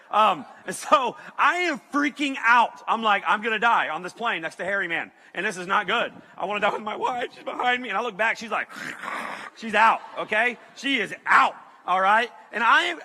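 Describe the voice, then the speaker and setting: A man giving a comic, animated sermon story with sudden shouted bursts and laughter. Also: high voice, big-room sound. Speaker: youth speaker.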